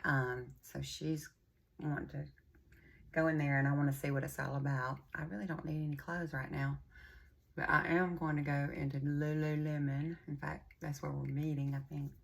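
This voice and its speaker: An older woman with a drawl talks through her week in a loose, rambling vlog. Her voice sits low and gravelly, a little husky and stuffy from a runny nose. She sounds folksy and talkative. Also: flat delivery, normal speed. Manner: chatty, rambling storyteller with a warm folksy drawl. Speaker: vlogger. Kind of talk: casual chatty vlog.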